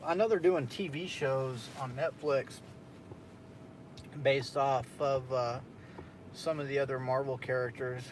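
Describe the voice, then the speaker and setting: A man's voice: mid-range voice, fairly even intonation, unhurried, pauses often, slight background noise. A young man hosting a casual late-night stream, telling a story in a loose, profane way with frequent laughs. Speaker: streamer host.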